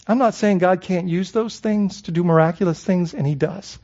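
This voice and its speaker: Speaking at a normal speed in a high, darkish voice, a male pastor gives a conversational sermon full of rhetorical questions for the congregation. He frequently repeats words as he hunts for the right phrasing, and the lo-fi recording sounds dull.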